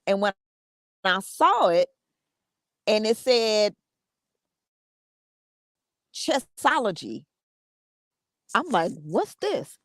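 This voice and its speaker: A woman hosting a show, sharing a personal story in a casual, halting way with many repeats and laughs. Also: mid-range voice, no echo. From United States. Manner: conversational, repeats words, laughs often. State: emotional, fighting tears. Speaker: podcast host.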